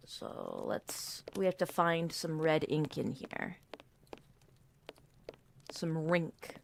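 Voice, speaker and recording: Playful streamer woman, lively pitch. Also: slow pace, creaky, long pauses, a little hiss or hum. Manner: playful, jumps between silly voices. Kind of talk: casual gameplay chat.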